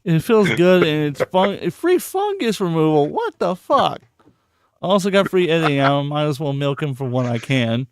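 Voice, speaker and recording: A man's voice: fairly high pitch, very animated, moderate pace, no room sound. Foul-mouthed mocking podcast host, a man. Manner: profane, mocking, reads posts aloud with laughter. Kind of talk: casual live podcast chat.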